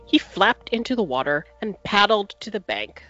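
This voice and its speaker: Animated woman reading a storybook aloud. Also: medium pitch, moderate pace, dull audio, soft background music. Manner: expressive, animated narration. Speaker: podcast host and reader.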